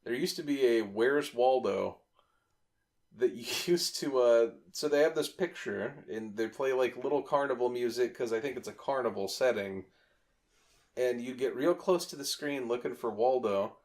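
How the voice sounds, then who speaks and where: A man's voice: medium pitch, moderate pace, darkish tone. A man in his twenties, a podcast host, telling a rambling, profane story in casual chat.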